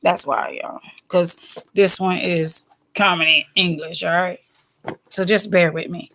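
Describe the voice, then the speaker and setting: A woman teaching a casual Bible study who talks chattily, wanders into quick asides, and turns animated when she quotes people. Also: fairly low pitch, vocal fry, slight background noise.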